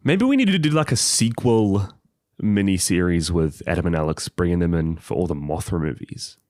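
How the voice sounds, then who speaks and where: Deep voiced guy cohosting a podcast, playful and giggly, dry close mic. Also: animated, normal speed, a little mellow, no room sound. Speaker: podcast co-host. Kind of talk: casual chat.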